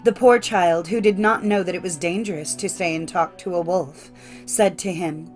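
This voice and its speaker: A woman reading a classic fairy tale aloud in a measured, clear storytelling manner. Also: lowish voice, faint music behind. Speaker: audiobook narrator. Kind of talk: scripted storybook narration.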